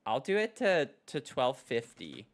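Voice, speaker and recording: Excitable, lively streamer guy. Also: mid-range voice, unhurried. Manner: excitable and giggly, cooing softly to a pet. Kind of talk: casual live-stream chat. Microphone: desk microphone.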